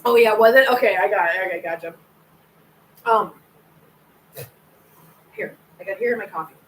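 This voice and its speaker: A woman's voice: medium pitch, normal speed, distant mic, slight background noise, low-quality recording. A woman hosting a casual livestream from home, chatting with viewers in a rambling way and stumbling over her words. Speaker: cat channel host.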